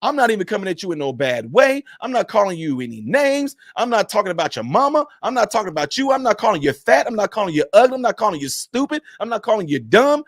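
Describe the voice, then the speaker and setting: A man's voice: high voice, very animated, fast talker, few pauses, no echo, clean studio sound. A man who is a minister, streaming and talking in a preachy, emphatic, repetitive cadence. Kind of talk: preachy livestream commentary.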